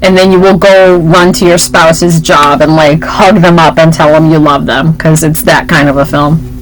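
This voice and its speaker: A woman's voice: low-pitched, steady tone, normal speed, soft background music, low-quality recording. A woman co-host in casual chat, rambling and laughing often.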